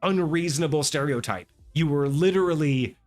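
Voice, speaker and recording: A man hosting a tabletop gaming talk show, ranting in a casual, animated way and swearing freely. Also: on the high side, normal speed, faint music behind. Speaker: podcast host. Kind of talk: casual chat.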